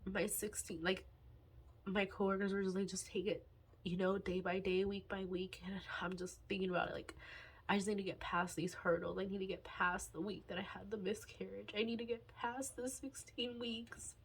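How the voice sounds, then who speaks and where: Casual vlogger, woman in her twenties, husky tone, emotional and near tears, halting delivery. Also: medium pitch, level tone. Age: 20s. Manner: halting, sighing, many fillers and restarts. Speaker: budgeting vlogger. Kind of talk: candid personal vlog talk.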